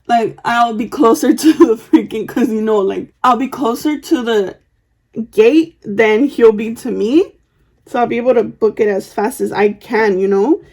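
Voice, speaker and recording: A woman's voice: on the high side, unhurried, darkish tone. This is a young woman vlogging from home while she gets ready. She rambles through her stories with plenty of "like" and "um" and drops casual swear words. Her voice sits slightly above the usual range for a woman. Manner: chatty, swears freely, lots of fillers and asides. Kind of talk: get-ready-with-me storytelling.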